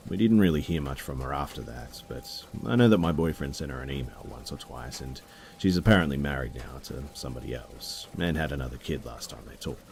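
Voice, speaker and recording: A man narrating a true story in a steady, low-key storytelling manner. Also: brisk, vocal fry, a little hiss or hum. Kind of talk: reading a story aloud.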